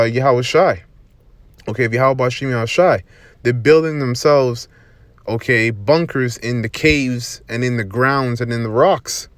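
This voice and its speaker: A man's voice: mid-range voice, fairly bright tone, dry recording. Man preaching in a dry room. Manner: reads verses slowly, adds "man" and "okay?" after most phrases; stumbles and restarts words often. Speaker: scripture teacher. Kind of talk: preaching monologue reading and explaining verses.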